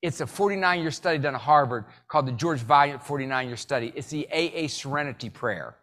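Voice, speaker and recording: A man giving a live motivational keynote, telling jokey stories and leading the audience in call-and-response with sudden loud bursts. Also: fairly high pitch, quick pace. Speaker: motivational speaker.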